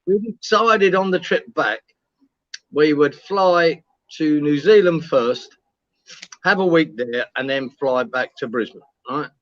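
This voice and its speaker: Bloke telling a wild story, swears a lot, laughs, bit high voice, dry dull stream audio. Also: male voice, takes it slowly, no echo. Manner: animated, swearing, laughing storyteller, acts out quoted lines. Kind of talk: casual storytelling chat.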